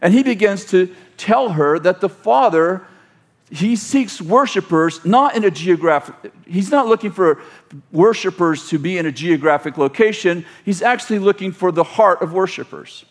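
A man's voice: high-pitched, animated, moderate pace. A male pastor preaching a sermon, rambling and correcting himself as he leads the congregation in call-and-response.

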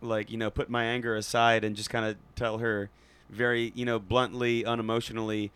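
A man's voice: on the low side, flat delivery, a little fast, fairly bright tone, smooth. A man who teaches voice, telling a story in a casual chat with a laid-back manner and plenty of fillers.

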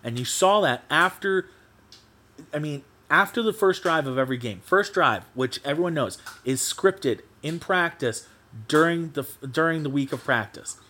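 A man's voice: on the high side, lively intonation, moderate pace, bright, forceful tone, slight background noise. A man hosting his own sports podcast, ranting animatedly and swearing casually in a solo monologue. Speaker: podcast host.

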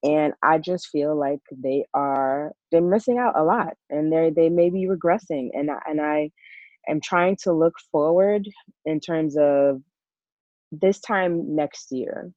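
A woman, a working parent, talking in a casual chat in a reflective, worried way, with many halting restarts. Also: low voice, darkish tone, no echo, dull audio. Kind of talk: casual podcast conversation.

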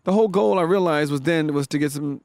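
A man who is a comedian, telling stories fast in casual comedic chat on a podcast. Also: on the high side, dry recording. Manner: fast, animated storyteller.

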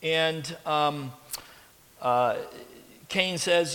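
A man preaching with a bright, forceful, slightly high voice. He pushes his points hard with rhetorical questions. His words ring out in a large hall with long reverb. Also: takes it slowly. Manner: emphatic, with rhetorical questions to the listeners. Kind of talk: sermon.

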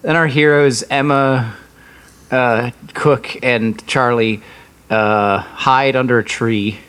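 A man's voice: medium pitch, fairly even intonation, slow pace, fairly bright tone, clear, resonant tone. A man co-hosting a podcast, casually recapping a TV episode with a rambling, laughing delivery. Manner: rambling, laughs often, swears. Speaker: podcast co-host.

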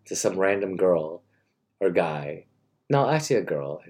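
A man's voice: sits low, animated, normal speed, a little mellow. A man talking in a crude, rambling monologue full of restarts.

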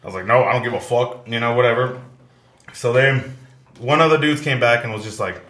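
A man's voice: medium pitch, a little fast, a bit bright. A man telling a rambling, profane story in casual podcast chat. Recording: echoey room.

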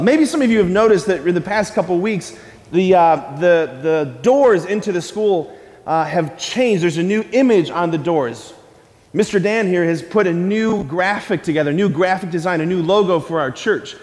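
A man's voice: high voice, a little slow, a little mellow. A man preaching a sermon to a congregation, repeating key phrases, leading call-and-response and spelling out words letter by letter. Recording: long hall reverb.

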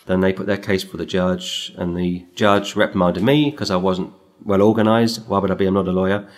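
A middle-aged man preaching a sermon, reading scripture and telling stories in an emphatic way. His voice climbs high when he reads the verses. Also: flat delivery, a little fast.

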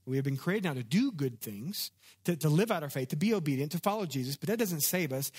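A pastor preaching in a relaxed, conversational way, telling stories and drawing the congregation in with questions. His voice sits a little higher than most men's. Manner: conversational, storytelling, asks congregation to respond. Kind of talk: sermon.

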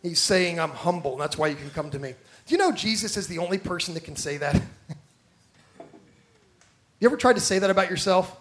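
High-voiced man preaching a sermon. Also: lively intonation, fairly quick, pauses often, a bit bright. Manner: conversational, self-deprecating, repeats words when emphatic. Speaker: pastor.

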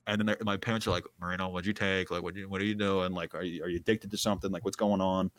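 A low-voiced young man recorded close and dry, telling a story in loose, slangy casual talk. He fills his sentences with "like" and laughs at his own misadventure. The sound is plain and intimate, with no room around it. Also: level tone, racing, no room sound.

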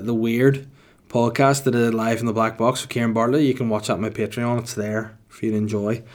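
A man in his thirties hosting a solo podcast, rambling crudely and jokingly with lots of swearing. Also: fairly low pitch. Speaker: podcast host.

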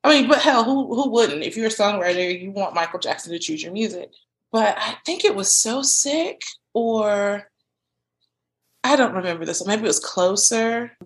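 A woman co-hosting a casual podcast, chatty and quick to laugh, with lively asides. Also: mid-range voice. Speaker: podcast co-host.

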